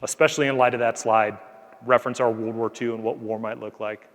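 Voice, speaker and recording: An Air Force colonel with a medium-pitched, slightly bright, steady voice speaks briskly to cadets, his words carrying a long hall reverb. In an earnest, conversational motivational talk full of "like" fillers, he shares a story from his time as a squadron commander.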